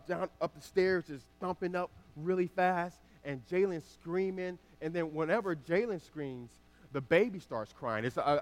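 A male pastor, perhaps in his thirties, preaching a sermon that moves between loud emphatic passages and a quiet, chatty personal story. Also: high-pitched.

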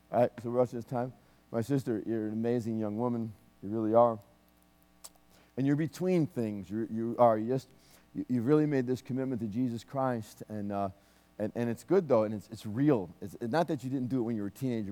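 A man who is a minister, praying and speaking personal prophecy to a congregant in a church, in a conversational, joking manner. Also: medium pitch. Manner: warm, conversational, joking asides.

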